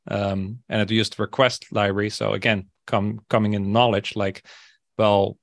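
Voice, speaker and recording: Low-voiced man, casual and thoughtful. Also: little pitch movement, moderate pace, gravelly, no room sound, studio quality. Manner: thoughtful, hesitant, many fillers. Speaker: podcast co-host, developer. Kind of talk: casual podcast chat.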